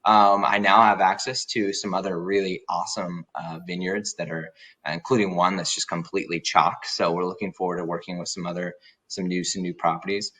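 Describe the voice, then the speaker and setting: A man's voice: sits low, little pitch movement, fairly quick, pushed and bright. A man, a winemaker guest in a podcast interview, talking casually with many fillers and restarts.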